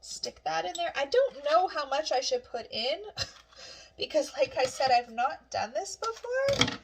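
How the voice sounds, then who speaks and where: A woman's voice: high-pitched, sing-song, measured pace, slight background noise. A woman vlogging casually at home, chatting cheerfully while she cooks. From Canada. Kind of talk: casual chat.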